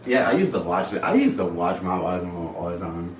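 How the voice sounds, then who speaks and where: A young man tells a story on a casual livestream in an animated, rambling, foul-mouthed way. His voice sits on the low side. He sounds distant from the mic in a roomy space with a faint hiss behind him. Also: fairly quick. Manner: animated, rambling, profane, often laughs. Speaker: livestream host.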